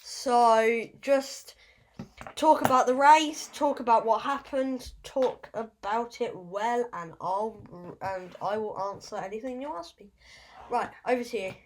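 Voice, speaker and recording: A woman's voice: a little high, measured pace, a little hiss or hum. A woman hosting a casual podcast, rambling and fumbling over her words with self-deprecating asides. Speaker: podcast host.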